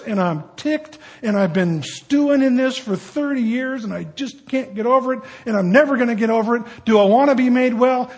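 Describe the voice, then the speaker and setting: A man's voice: extremely high pitch, long reverb tail. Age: adult. Figure: a preacher putting on a whiny self-pitying man. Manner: complaining, exasperated, piling up grievances. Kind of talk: sermon illustration.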